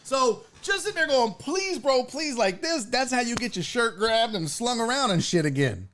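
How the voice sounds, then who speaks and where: A man with a high, very lively voice riffs through a reaction segment. He swears freely and jumps into squeaky impressions of the people he's talking about. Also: moderate pace. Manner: animated, profane, mimics people in high voices. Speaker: show host. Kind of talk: casual reaction commentary.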